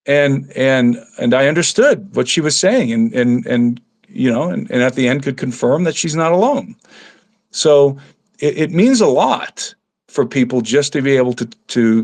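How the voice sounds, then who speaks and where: Earnest man, halting storyteller. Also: mid-range voice, lively intonation. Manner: earnest, halting, many restarts. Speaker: guest researcher. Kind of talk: casual storytelling.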